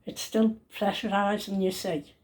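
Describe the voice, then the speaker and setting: A woman's voice: mid-range voice, little pitch movement, unhurried, a little mellow. Chatty older woman cooking at home. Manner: chatty, rambling, self-correcting. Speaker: home cook, grandmother. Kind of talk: casual cooking vlog. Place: home kitchen.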